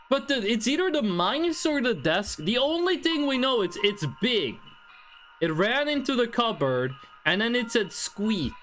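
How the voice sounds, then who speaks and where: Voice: medium pitch, fairly bright tone. A streamer casually talking through a game at home, thinking aloud and chatting with the audience.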